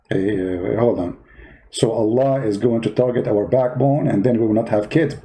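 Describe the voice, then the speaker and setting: A man's voice: on the low side, unhurried, mellow, rough recording. A man hosting a parody debate, asking sarcastic, mock-innocent questions. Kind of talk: comedy skit.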